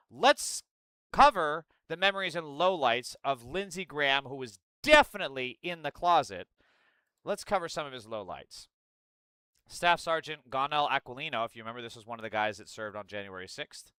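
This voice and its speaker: A man's voice: fairly high pitch, animated, normal speed, pushed and bright, clear, resonant tone, dry recording. A young man from the United States doing casual reaction commentary, reading news aloud and ranting with profane sarcasm. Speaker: political commentator.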